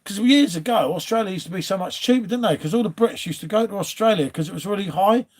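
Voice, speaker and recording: A man's voice: high-pitched, quick pace. A man from England hosting a casual live stream from home, rambling and chatting to viewers as he reads out their comments. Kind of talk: casual chat.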